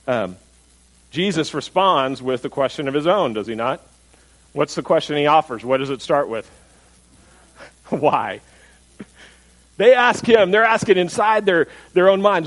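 A man's voice: on the high side, measured pace, pauses often, poor audio. A man preaching a sermon, retelling a scripture story in a conversational way, asking his listeners questions and acting out what the crowd says. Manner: animated storytelling, acts out crowd voices; conversational, asks the audience questions. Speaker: pastor.

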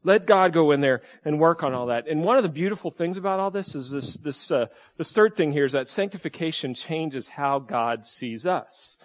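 A man's voice: on the high side, animated, moderate pace, few pauses. A male pastor giving a sermon in a conversational way, asking the congregation many rhetorical questions and often repeating and restarting phrases.

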